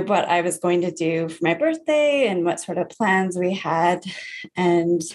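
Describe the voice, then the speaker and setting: A woman in her thirties, a grief coach, earnestly telling her personal story in an interview, with soft laughs. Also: fairly low pitch.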